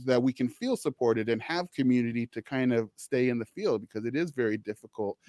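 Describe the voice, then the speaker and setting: A man's voice: medium pitch, brisk, darkish tone, dry recording, clean studio sound. A man hosting a social work podcast, talking conversationally and easily with his guest. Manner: conversational, many restarts and you-knows. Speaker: podcast host, social worker. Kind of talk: casual interview chat.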